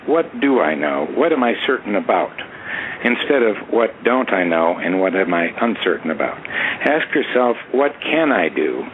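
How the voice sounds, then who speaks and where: Low-voiced guy giving pep-talk advice, emphatic, tinny phone sound. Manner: emphatic, advising. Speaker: panel guest, success speaker. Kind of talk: motivational talk. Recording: tinny phone-like audio with faint hiss.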